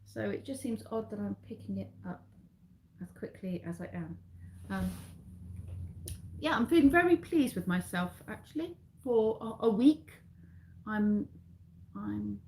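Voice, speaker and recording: A woman's voice: medium pitch, a little slow, long pauses, a little mellow, slight background noise. A middle-aged woman with an English accent, chatting casually with live viewers and rambling as she corrects herself along the way. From England. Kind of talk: casual live-stream chat.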